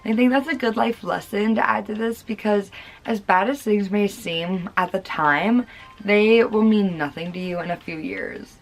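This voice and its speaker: A woman's voice: mid-range voice, normal speed. Chatty young woman vlogger. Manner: chatty, lots of "like" and "oh my god" gasps. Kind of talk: casual storytime chat.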